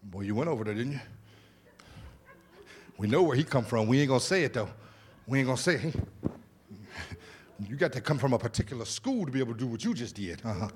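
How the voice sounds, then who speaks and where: A man preaching a sermon as pastor in a church, animated, with repeated words, exclamations and casual asides to the congregation. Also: mid-range voice, fast talker, pauses often. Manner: informal, conversational asides to the congregation. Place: church sanctuary.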